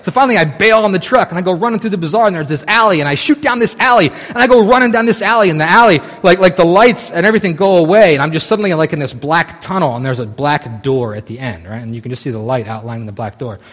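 A man in his thirties telling a long story casually, animated and full of restarts. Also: a little high, fast, few pauses. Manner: animated, many restarts and "right?" asides. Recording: long hall reverb.

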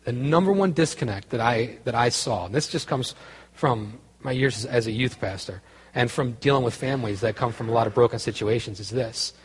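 A husky-voiced man preaches in a loose, storytelling way, often stopping and restarting his sentences. His voice carries a long reverb from a large hall. He turns quiet and earnest as the sermon goes on. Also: mid-range voice, a little fast. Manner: conversational, self-interrupting, grows quiet and earnest. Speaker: pastor.

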